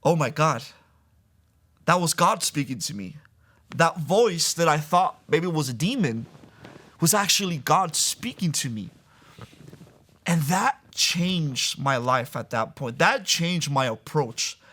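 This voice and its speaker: A man's voice: fairly high pitch, lively intonation, slow, sharp tone. A man telling his personal faith testimony in a sit-down interview in a church, speaking earnestly and often using casual fillers. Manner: earnest storytelling with frequent "like" and "I'm like" fillers. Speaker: guest sharing a faith testimony. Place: church building.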